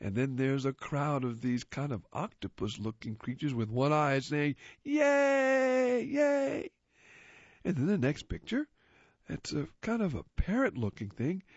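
A man's voice: mid-range voice, expressive, normal speed, darkish tone, husky, no room sound. A man reading a magazine aloud for a radio reading service, describing the pictures off the cuff in a casual way. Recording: muffled lo-fi recording.

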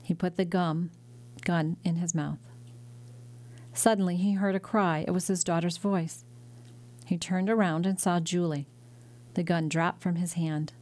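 A woman reading a classic novel aloud as an audiobook narrator, in a measured, dramatic way. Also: on the low side, steady tone, darkish tone. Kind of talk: scripted narration.

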